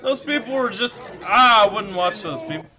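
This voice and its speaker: A man's voice: high voice, animated, moderate pace, a crowd in the background. A man reacting live on stream, exclaiming and joking about the videos.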